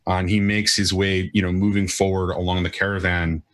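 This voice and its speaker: A man narrating as game master in a tabletop game, halting and full of fillers. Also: low voice, level tone, a bit bright.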